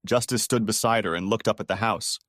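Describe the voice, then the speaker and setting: A man narrating a dramatic story audiobook in an expressive storytelling manner, dropping low on dialogue tags. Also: fairly quick, dry recording, clean studio sound. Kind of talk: scripted narration.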